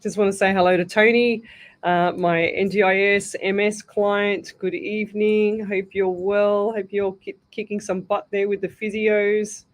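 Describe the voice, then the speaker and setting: A woman's voice: mid-range voice, flat delivery, unhurried. A middle-aged Australian woman hosting a live call-in radio show as a psychic medium, chatty and greeting listeners by name as she thinks aloud.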